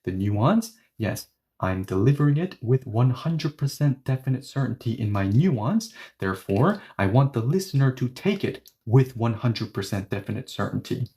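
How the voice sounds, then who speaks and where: A man's voice: medium pitch, lively intonation, moderate pace, dark tone. A man teaching a language lesson online, explaining points emphatically and repeating example phrases.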